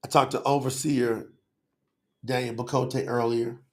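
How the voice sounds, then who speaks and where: Gravelly, fired-up man hosting a livestream. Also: medium pitch, unhurried. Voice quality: passionate and excitable, calls out viewers by name. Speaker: livestream host. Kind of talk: lively livestream talk to chat viewers.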